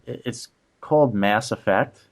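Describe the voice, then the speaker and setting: A man with a low-leaning voice and vocal fry speaks unhurriedly. He co-hosts a casual podcast, telling exasperated stories about rude strangers, packed with "like" fillers.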